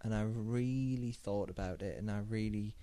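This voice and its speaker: A man's voice: lowish voice, moderate pace, warm tone. A man co-hosting a podcast in casual chat, laid-back and joking, swearing casually. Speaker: podcast co-host.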